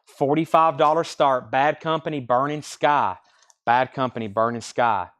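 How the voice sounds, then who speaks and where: A man's voice: medium pitch, moderate pace, a bit bright. Casual man calling out record sale prices. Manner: rattles off titles and prices, stumbles over names; friendly and easygoing. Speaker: record seller running a live sale. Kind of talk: live-stream sales patter.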